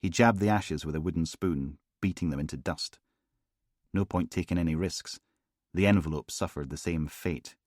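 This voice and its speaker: A man narrating a crime audiobook in a measured, dry storytelling manner on a close mic. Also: low voice, darkish tone, no echo. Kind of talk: scripted narration.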